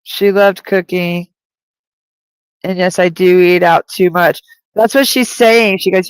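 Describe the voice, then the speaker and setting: A woman's voice: medium pitch, fairly even intonation, measured pace, no echo, rough recording. Chatty woman doing a psychic reading. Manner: chatty and rambling, full of "like". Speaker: psychic medium. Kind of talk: live-streamed spirit reading.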